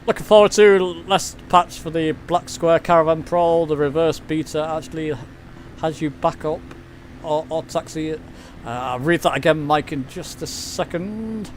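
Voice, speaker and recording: A man's voice: a little high, normal speed, a little hiss or hum. Chatty English man streaming flight sim. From England. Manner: chatty, self-deprecating, reads chat aloud. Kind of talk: casual live commentary.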